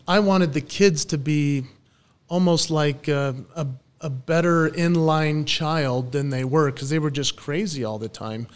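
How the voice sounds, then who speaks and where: An animated man in his forties tells lively stories as a podcast guest. His voice sits fairly high for a man, and he jumps into playful quoted voices as he talks. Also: moderate pace. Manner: lively storyteller who acts out quoted voices. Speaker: guest, professional stage entertainer. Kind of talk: podcast interview.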